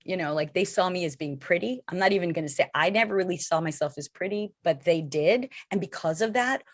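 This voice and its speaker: Chatty middle-aged actress, low voice. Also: female voice, brisk, no echo, clean studio sound. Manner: chatty, rambling with many fillers. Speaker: actress guest. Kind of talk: casual interview chat.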